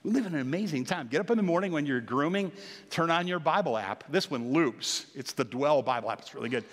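An older male pastor delivers a sermon in an earnest, exhorting way. His voice sits somewhat high for a man and climbs on the points he stresses. A long reverb trails each phrase. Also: expressive, fast talker. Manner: earnest, exhorting, rises in pitch on key points.

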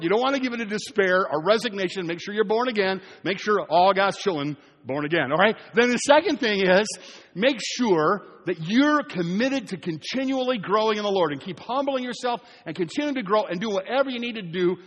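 A man's voice: high-pitched, expressive, brisk, fairly bright tone, long reverb tail. A man preaching a sermon as pastor, talking in a conversational way with joking asides and rising to earnest emphasis. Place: church sanctuary.

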